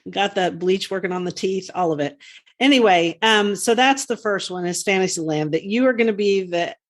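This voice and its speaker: Her voice is mid-range and her speed normal. She's a chatty podcast co-host whose casual talk wanders, peppered with laughter and filler words.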